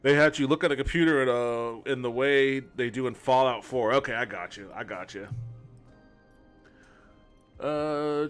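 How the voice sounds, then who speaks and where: A man's voice: mid-range voice, measured pace, long pauses, clear, resonant tone, faint music behind. A man streaming a game from home, chatting casually and joking with chat. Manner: rambling, joking. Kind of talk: casual let's-play chat.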